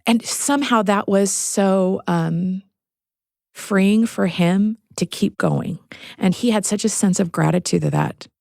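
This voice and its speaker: A woman's voice: mid-range voice, a little slow, creaky, darkish tone, no room sound, clean studio sound. A middle-aged woman, a guest in an interview, telling a personal story with earnest feeling. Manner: earnest, storytelling, at times choked up. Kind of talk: emotional interview.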